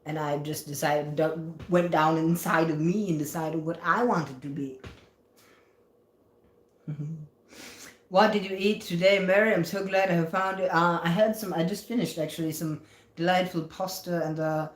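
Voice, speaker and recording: A woman's voice: on the low side, steady tone, moderate pace. A woman chatting casually on a livestream, reading viewer comments aloud and answering them playfully. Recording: roomy echo.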